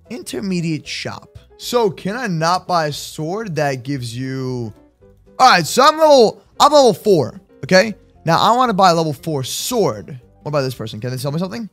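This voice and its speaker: Excitable young man yelling over gameplay. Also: fairly high pitch. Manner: excitable, yelling at enemies, laughing often. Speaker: gaming YouTuber. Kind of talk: casual gameplay commentary.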